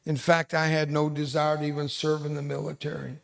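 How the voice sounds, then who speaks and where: An older man in his seventies with a slightly high-pitched voice speaks to students in a school hall. He tells stories as a veteran guest and keeps slipping in self-deprecating jokes. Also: monotone, brisk, vocal fry. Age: 70s. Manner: joking, self-deprecating storyteller. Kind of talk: storytelling speech to students.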